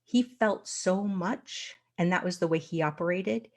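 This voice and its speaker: A woman with a slightly low voice speaks as a coach in casual conversation. She is earnest and reflective and laughs lightly now and then. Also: a little slow. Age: adult with a daughter.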